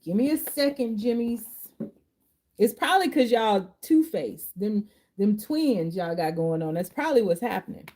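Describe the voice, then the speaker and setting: A woman's voice: mid-range voice, expressive, normal speed, warm tone. A woman giving a live tarot reading, emotional and emphatic, chatting with viewers. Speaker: tarot reader and life coach.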